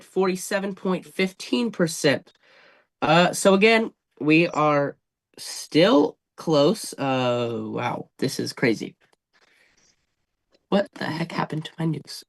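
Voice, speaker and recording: A man co-hosting a live stream, reading election numbers in a halting way with many fillers. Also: high voice. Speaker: co-host reading results. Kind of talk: live results commentary.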